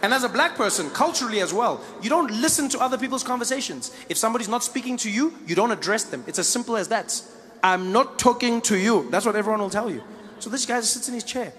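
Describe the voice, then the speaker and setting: A South African man with a South African accent, telling an animated stand-up story and acting out the scenes. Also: very high-pitched, quick pace. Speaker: stand-up comedian. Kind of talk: stand-up comedy. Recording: live stage mic with audience noise.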